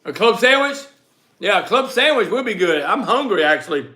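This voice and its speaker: Loud, bright-voiced man hosting a live stream. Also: high-pitched, fairly quick. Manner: loud, animated, chatty. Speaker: livestream host and reseller. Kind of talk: casual live-stream chat answering viewers.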